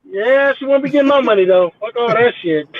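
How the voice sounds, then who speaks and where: High-voiced profane man over a phone line. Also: unhurried, no echo. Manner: profane, animated, mimics people in quotes. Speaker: podcast guest. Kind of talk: casual storytelling. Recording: tinny phone-like line, dry.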